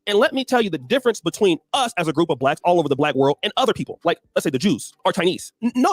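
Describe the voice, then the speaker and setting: Man, high voice, very fast talker, emphatic and preachy, dry close recording. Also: dry recording. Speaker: commentator in a played clip. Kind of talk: impassioned commentary.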